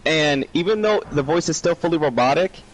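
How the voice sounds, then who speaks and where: A man with a New York accent talks in a casual podcast chat, his fairly high voice swinging up and down with lively intonation. He rambles, stopping and restarting his sentences. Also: fairly quick, noisy background. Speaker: live streamer.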